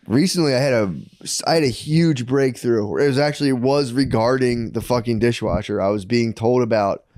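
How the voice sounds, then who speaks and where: Man, 30s, co-host, animated profane storyteller, mid voice, dry mic. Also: mid-range voice, moderate pace, dry recording. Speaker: podcast co-host. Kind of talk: casual chat.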